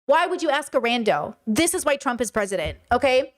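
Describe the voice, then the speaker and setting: A woman with a high voice hosts a livestream, reading chat messages aloud. She answers bluntly and swears often, with open exasperation. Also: sing-song, brisk. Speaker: livestream host.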